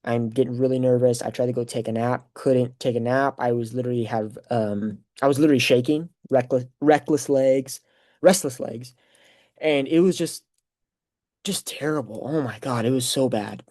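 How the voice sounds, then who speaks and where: This podcast host is a young man with a mid-range voice who talks at an ordinary pace. His personal anecdote comes out loose and lively, wandering along with plenty of filler words.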